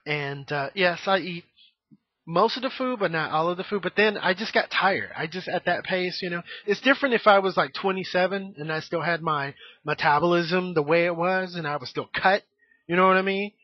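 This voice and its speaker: A man in his thirties rambles frankly through a casual vlog monologue, leaning on fillers as he goes. His voice sits a little high for a man. The recording is dull and lo-fi, with a dry sound and no room echo. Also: moderate pace. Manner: rambling, frank, many fillers and "you know". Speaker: vlogger.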